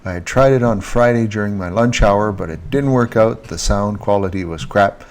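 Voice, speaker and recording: Slowly and casually, a man teaches French online, saying each French word again with increasing stress. His voice sits on the low side, picked up by a handheld mic while he monitors through earphones.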